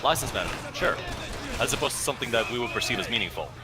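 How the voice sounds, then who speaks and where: Lively, wordy man musing over games. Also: mid-range voice, very fast, music in the background. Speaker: co-host gaming commentator. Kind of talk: casual gameplay chat.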